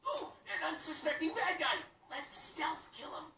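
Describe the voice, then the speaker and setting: An actor voicing a sarcastic, foul-mouthed mercenary antihero in a video game, talking straight to the player. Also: male voice, very high-pitched, expressive, a little slow, creaky, pushed and bright, heavily acted. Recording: distant echoey game audio with noise.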